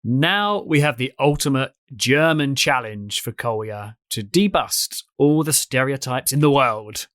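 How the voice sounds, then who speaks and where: A man's voice: medium pitch, expressive, measured pace, few pauses, fairly bright tone. A man hosting a travel show, presenting in a chatty, jokey way. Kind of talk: casual presenting.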